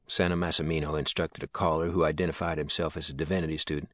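A man reading an audiobook in a steady, matter-of-fact way. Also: rumbling low, fast talker, few pauses, no echo. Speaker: narrator. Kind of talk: audiobook narration. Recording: dry close studio sound.

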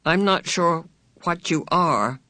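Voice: mid-range voice, expressive, takes it slowly, pushed and bright, no echo. A narrator voicing a precocious little boy who talks in an earnest, proclaiming way. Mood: defiant. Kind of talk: audiobook character voice.

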